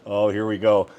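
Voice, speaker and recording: A man's voice: lowish voice, mellow. A man presenting a countertop cooker in a product demo, exclaiming with enthusiasm over the food. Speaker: product demonstrator.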